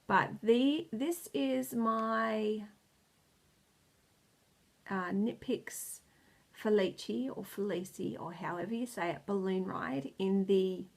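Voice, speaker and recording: Her voice is medium-pitched, slow and creaky as she hosts a knitting video podcast in casual conversation. Tired, stressed and nearly in tears, she wanders between thoughts, stumbles over words and laughs a lot.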